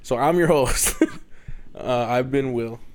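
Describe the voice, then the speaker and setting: A man's voice: medium pitch, slow pace, darkish tone. Joking man hosting a casual podcast. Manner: loose, joking, laughs often. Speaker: podcast host. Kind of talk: casual chat.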